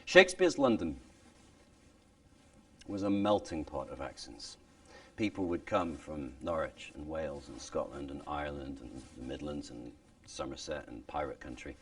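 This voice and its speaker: A man explaining the old pronunciation in an animated way, sometimes stopping to demonstrate lines of verse. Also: very deep voice, a little slow, pauses often, far from the mic. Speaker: speaker on original pronunciation. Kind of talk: lively explanatory talk with reading demonstrations.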